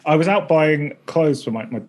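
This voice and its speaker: A man in his thirties, a streamer and former stand-up comic, chatting excitably in a rambling interview full of tangents. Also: on the high side, moderate pace. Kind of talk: casual interview chat.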